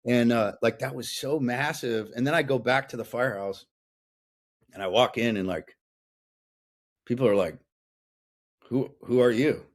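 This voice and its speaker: A man's voice: mid-range voice, moderate pace, pauses often. A man in his thirties, a podcast guest, telling his story in a blunt, profane, intense way. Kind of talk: casual interview chat.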